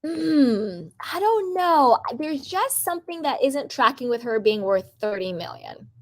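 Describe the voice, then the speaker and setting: A woman hosting a live gossip stream, chatting casually and reading out viewer comments in an animated way. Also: on the high side, a little slow.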